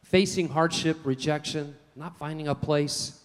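A man preaching a sermon, telling folksy stories in an animated way. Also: a little high, a little slow, big-room sound. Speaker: pastor.

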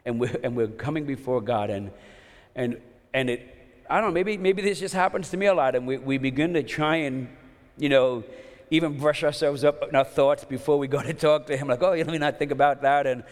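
With a brisk pace and medium pitch, a man preaches a sermon in an earnest, conversational style. He frequently restarts sentences, and the recording has long hall reverb.

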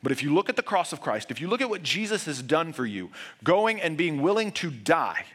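Bright-voiced earnest male pastor. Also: big pitch swings, a little fast, husky. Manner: earnest, swings between raised urgent passages and hushed low emphasis. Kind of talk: sermon.

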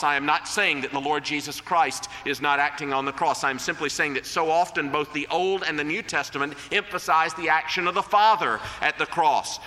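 A man preaching a sermon in an earnest, deliberate way, slowing down to quote scripture. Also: fairly high pitch, sharp tone. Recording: long reverb of a large hall.

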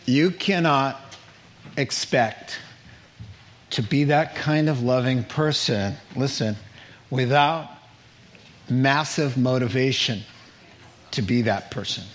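A middle-aged male pastor delivering a lively sermon, his voice sitting a touch higher than most men's. He keeps firing rhetorical questions that climb in pitch and slips into little acted-out quotes of other people.

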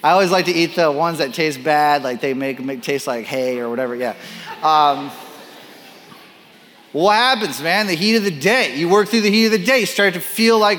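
A male pastor delivers a sermon with a fairly high voice and an animated, playful way of talking. He acts out the voices of the people he quotes and drops self-deprecating asides. The sound carries a long reverb, as in a large church auditorium. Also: a little fast.

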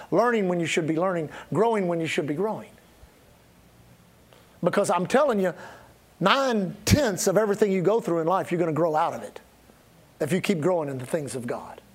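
A middle-aged male pastor preaching a sermon, stressing words through repetition and dropping suddenly to a quiet voice. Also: very high voice.

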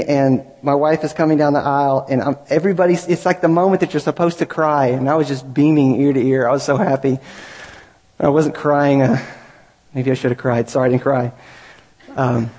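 A man's voice: fairly high pitch, steady tone, a little fast, a little mellow. Earnest male pastor in a reverberant hall. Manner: earnest, builds to raised emphatic peaks. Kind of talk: sermon.

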